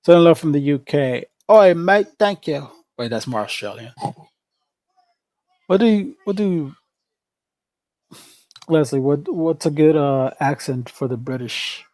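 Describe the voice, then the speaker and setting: A man's voice: on the high side, normal speed, dark tone, dry recording. A man hosting a casual livestream chat, rambling and often restarting his sentences. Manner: rambling, with frequent restarts and fillers. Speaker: livestream host.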